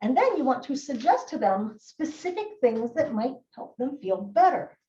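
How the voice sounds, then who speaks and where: A high-pitched woman gives a live training talk, mellow in tone and full of swooping inflection as she acts out quoted voices. She is picked up from a distance in an echoey room, and the sound is dull. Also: moderate pace. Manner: lively, acts out quoted kids and adults. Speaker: presenter on child behavior. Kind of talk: recorded live training presentation. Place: presentation room.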